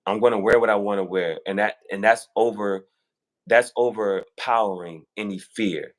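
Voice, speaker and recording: Animated man telling stories casually. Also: lowish voice, normal speed. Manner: animated storytelling, acting out quoted voices. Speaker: guest on fashion talk show. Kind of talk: casual conversation.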